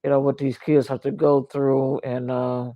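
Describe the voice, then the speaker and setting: An older man speaks on a casual livestream in a gravelly, rough-edged voice at an ordinary pitch. His talk rambles earnestly, looping back on itself and leaning on the same filler phrases. The sound is dry and close, with no room echo. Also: flat delivery, a little slow, highs cut off. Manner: rambling, earnest, repeats "you know what I mean". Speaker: livestream host.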